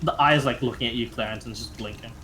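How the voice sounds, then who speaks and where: A young man running a tabletop game as game master, narrating haltingly with many fillers and restarts. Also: medium pitch, pushed and bright, a little hiss or hum.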